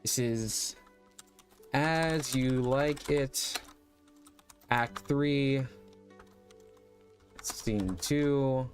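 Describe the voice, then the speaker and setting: A man's voice: medium pitch, very slow, long pauses, faint music behind. A man streaming casually, thinking aloud and rambling as he works. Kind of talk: casual livestream chat.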